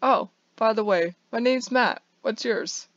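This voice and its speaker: A woman's voice: a little high, measured pace, a bit bright, no echo, dull audio, voice pushed up. A kind young barista, as a woman reads him. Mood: friendly.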